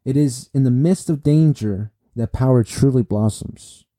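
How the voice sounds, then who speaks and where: A man reading the lines of a calm old male martial arts mentor in a slow, instructive way. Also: mid-range voice, natural voice.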